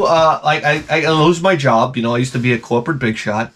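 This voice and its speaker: A man's voice: a little high, expressive, brisk, hardly any pauses, a bit bright. Rambling, foul-mouthed man. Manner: rambling, swears a lot, drops into mouth sound effects. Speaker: retro gaming vlogger. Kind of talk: rambling profane monologue.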